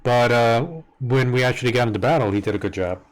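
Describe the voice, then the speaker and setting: A man running a tabletop game as its master, patiently explaining character rules with halting restarts over a home voice-chat mic. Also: medium pitch. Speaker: dungeon master. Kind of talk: casual game-setup chat on a live stream.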